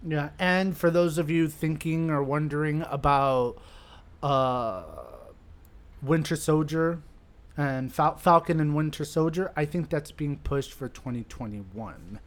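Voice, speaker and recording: A podcast co-host chatting casually, animated, often restarting sentences. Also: mid-range voice, unhurried. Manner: animated, restarts sentences, reads quotes aloud. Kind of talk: casual chat.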